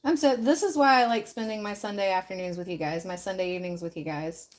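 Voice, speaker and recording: A woman hosting a relaxed livestream, chatting loosely and directly with her viewers, with plenty of ums and likes. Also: medium pitch, quick pace. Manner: loose, filler-heavy talk with frequent ums and likes. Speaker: livestream host. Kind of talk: casual livestream chat.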